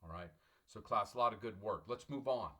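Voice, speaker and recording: With a lowish, slightly bright voice, a middle-aged college English professor speaks a little fast to his online class. He is emphatic and motivational, repeats points, and clears his throat often.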